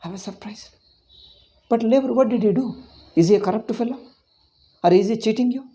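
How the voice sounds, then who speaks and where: A man's voice: high voice, fairly quick, mellow, rough recording. Impassioned Indian man lecturing a class. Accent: Indian English. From Telugu-speaking South India. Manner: impassioned, scolding, asks rhetorical questions; repeats and restarts words. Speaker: swami teaching a class. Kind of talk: lecture with moral digressions.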